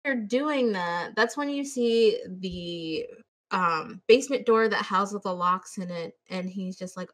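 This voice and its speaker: Profane, animated woman podcast host. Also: mid-range voice, measured pace. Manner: profane, animated retelling with quoted voices. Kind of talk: casual movie-review chat.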